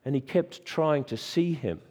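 A man's voice: fairly high pitch, animated, darkish tone, big-room sound. A man preaching a sermon in a church, stressing key words and asking repeated rhetorical questions. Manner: emphatic, with dramatic pauses and repeated rhetorical questions.

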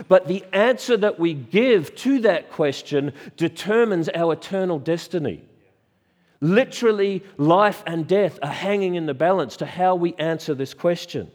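Man, preacher, sermon, emphatic rhetorical questions, slightly high voice, long echo. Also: a little mellow. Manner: emphatic, with dramatic pauses and repeated rhetorical questions.

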